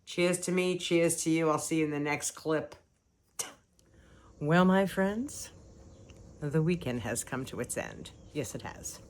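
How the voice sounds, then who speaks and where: An older woman, a grandmother, chatting casually and lively to her vlog viewers, laughing often, on a phone held at arm's length. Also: sits low, a little hiss or hum. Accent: non-local accent. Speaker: vlogger.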